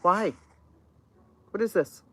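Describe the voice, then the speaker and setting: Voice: mid-range voice, slow pace, bright, forceful tone, a little hiss or hum. A channel host reacting in casual commentary, incredulous and swearing, firing off exclaimed questions.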